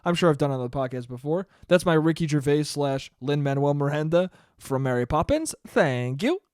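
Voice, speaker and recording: A young man hosts a solo podcast, rambling through a casual monologue full of profanity and jokes. His voice is fairly high, expressive and smooth, with a darkish tone and a fairly quick pace. The recording is very dry and close.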